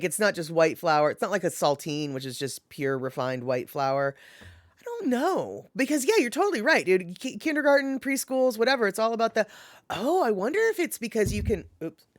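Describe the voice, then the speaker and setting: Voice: mid-range voice, dry recording, clean studio sound. A live streamer in casual chat, rambling with many fillers and self-corrections while answering viewers by name.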